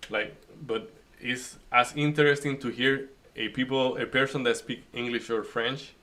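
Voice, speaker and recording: Male stream host, bright tone, halting casual delivery full of fillers. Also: medium pitch, fairly even intonation. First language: Spanish. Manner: halting, many fillers and restarts. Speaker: day trading stream host. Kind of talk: casual chat.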